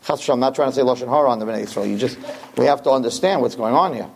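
A man giving a Torah class to a room of listeners, reading Hebrew verses and translating them, animated and acting out the dialogue. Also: racing, gravelly, a little hiss or hum. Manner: animated, acts out dialogue with big pitch swings. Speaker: Torah teacher. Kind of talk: Torah class lecture to a live audience.

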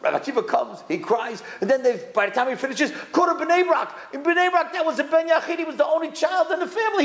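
Animated man preaching in an echoey room. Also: fast talker, few pauses. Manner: animated, swings from high excited calls to low solemn tones. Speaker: rabbi giving a talk. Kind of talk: animated sermon storytelling.

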